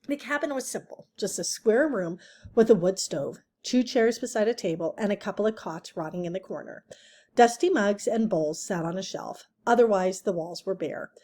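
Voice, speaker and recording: A woman reading a children's chapter book aloud at a middling pitch. She reads in a relaxed way, breaking off now and then for chatty asides and quick self-corrections. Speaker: reader.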